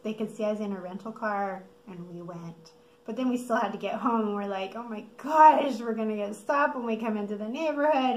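A middle-aged American woman telling a story casually for a vlog, lively, laughing often and acting out quotes. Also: mid-range voice, slight background noise. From United States. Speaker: vlogger. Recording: echoey room.

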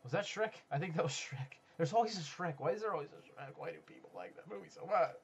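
A man doing casual let's-play commentary, excitable, swearing and talking to other players, swinging from low mutters to sudden yells. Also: fast talker, muffled recording. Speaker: gaming YouTuber. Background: faint background music.

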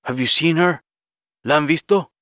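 A man's voice: mid-range voice, fast, a bit bright, dry recording, studio quality, voice pushed up, close to an everyday voice. A man voicing a secretive, tense man who questions people urgently and insistently. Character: secretive middle-aged man, tense and pushy.

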